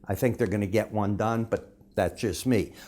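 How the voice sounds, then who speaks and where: A man's voice: fairly low pitch, steady tone, normal speed, a little mellow. A man giving daily market chart commentary, talking to viewers in a conversational way, calling them folks and asking himself questions before he answers them.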